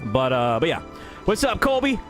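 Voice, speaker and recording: A man streaming live, cheerfully greeting viewers by name and thanking them with quick laughs. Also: on the high side, wildly swooping pitch, soft background music. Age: adult. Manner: upbeat, rapid shout-outs with laughs. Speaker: YouTube streamer.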